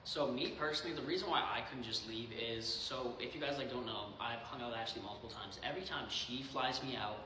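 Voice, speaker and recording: A man's voice: mid-range voice, fairly quick, few pauses, pushed and bright. Teenage man, hesitant, fillers, long echo in a hall, noise behind. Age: teens. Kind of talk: casual explanation to viewers. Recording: echoey hall with background noise.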